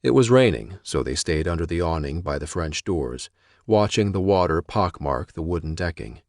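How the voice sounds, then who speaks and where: Low-voiced man narrating a novel. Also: expressive, moderate pace, dry recording, studio quality. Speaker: audiobook narrator.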